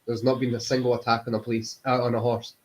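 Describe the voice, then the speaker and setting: A man's voice: medium pitch, flat delivery, fast talker, low-quality recording. A man hosting a casual chat, blunt and sweary in his banter. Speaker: host.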